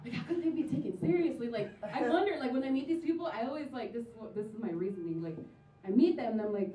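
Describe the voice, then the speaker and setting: A woman's voice: on the high side, animated, fast, a little hiss or hum. Young woman, stand-up comic, chatty and self-mocking, echoey room, heard from a distance. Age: young adult. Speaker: stand-up comedian. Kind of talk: stand-up comedy set. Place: comedy stage with audience laughing. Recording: roomy, distant, dull live-room sound.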